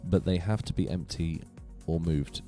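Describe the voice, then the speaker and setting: A man hosting a casual gaming live stream from his home computer room, chatty and animated, laughing often. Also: deep voice, moderate pace, faint music behind.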